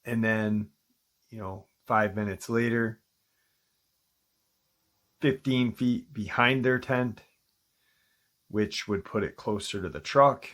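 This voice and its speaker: Man, slow unhurried delivery, casual storytelling, halting with ums and restarts. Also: lowish voice, fairly bright tone. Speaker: host retelling a listener's encounter.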